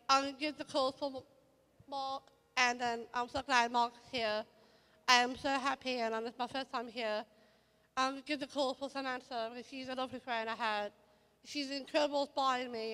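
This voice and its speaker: A woman with a high voice gives a halting, heartfelt thank-you speech, emotional and near tears. She stops often to search for her words. A long reverb from the hall trails after each phrase. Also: a bit bright. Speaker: model. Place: event hall.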